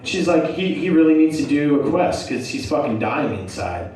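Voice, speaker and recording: A man in the middle of a comic story, talking in a hyper, giggly rush and slipping into the voices of the people he quotes. His voice sits a little high for a man. The sound is very echoey and comes from a little way off the mic. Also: sing-song, moderate pace, a little mellow, distant mic. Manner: hyper, laughing, acts out quotes. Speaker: comedian telling a story. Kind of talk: storytelling stand-up.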